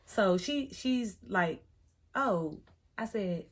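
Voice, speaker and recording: A middle-aged woman, telling a story in a chatty, animated way, acting out the other people in it. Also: medium pitch, very slow. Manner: chatty, animated retelling with quoted voices. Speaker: thrift vlogger. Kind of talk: casual storytelling vlog.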